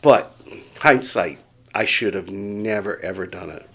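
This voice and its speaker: A man's voice: lowish voice, measured pace, fairly bright tone, breathy edge. A middle-aged man vlogging casually, telling a rambling story with chuckles and self-deprecating asides while getting over a bout of dizziness. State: recovering from dizziness.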